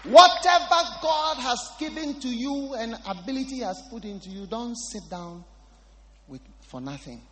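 A man's voice: very high voice, lively intonation, measured pace, bright, forceful tone, in a large hall, some chatter behind, slight background noise. A man preaching a sermon, emphatic and repeating his phrases for stress.

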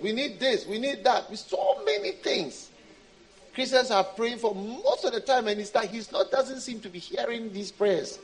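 High-voiced man preaching emphatically. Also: poor audio. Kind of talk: sermon.

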